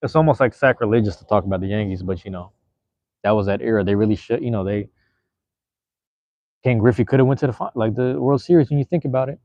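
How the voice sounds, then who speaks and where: Man, casual solo livestream, slangy rambling talk, lowish voice, dry muffled lo-fi sound. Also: quick pace, a little mellow, dry recording. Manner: laid-back, rambling, slangy. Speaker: livestream host.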